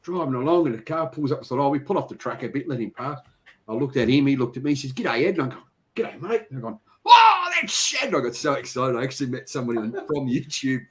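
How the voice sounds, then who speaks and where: A man's voice: medium pitch, very fast. A middle-aged Australian man from Victoria, hosting a casual live-stream chat, telling stories, getting sidetracked and laughing often. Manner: chatty storyteller, easily sidetracked, laughs often. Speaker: host. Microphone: video call.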